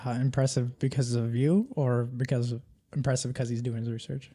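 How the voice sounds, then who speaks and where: A man on a casual podcast who mostly drops in short reactions and follow-up questions. His voice is mellow and a little dark. The sound is dry. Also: mid-range voice, steady tone, brisk, no echo. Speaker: podcast co-host. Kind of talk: casual chat.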